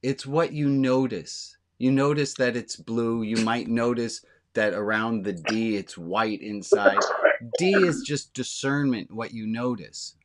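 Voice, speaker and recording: Here a rabbi, voiced by a man at medium pitch and a slightly slow pace, delivers a straightforward, conversational sermon. He speaks frankly and directly to a small congregation.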